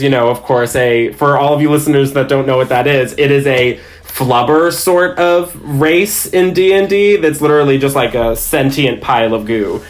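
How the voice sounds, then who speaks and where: Guy dm rambling through game stories, amused at himself, middle pitch. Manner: rambling, self-amused storytelling. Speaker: podcast guest, dungeon master. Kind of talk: casual chat.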